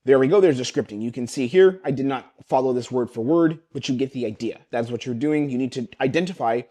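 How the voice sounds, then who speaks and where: A man teaches sales calls straight into his webcam, rattling through scripts at a rapid clip. His voice is mellow and dark, with an average pitch, and he slips into the closer's lines as he role-plays them. The sound is plain webcam audio from a home setup. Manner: fast, energetic, acts out closer lines. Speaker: sales coach.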